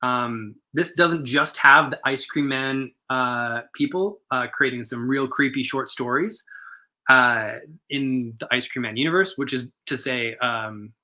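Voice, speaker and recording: A man's voice: mid-range voice, measured pace, bright, forceful tone. A man co-hosting a comic shop stream, chatting enthusiastically with lots of fillers and restarts. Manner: enthusiastic, rambling with many fillers. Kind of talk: casual chat.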